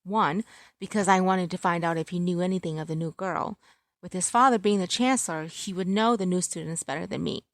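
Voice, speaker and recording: A woman's voice: lowish voice, a bit bright, no room sound, studio quality. A woman narrating a romance story in the first person, in a wry, conversational way.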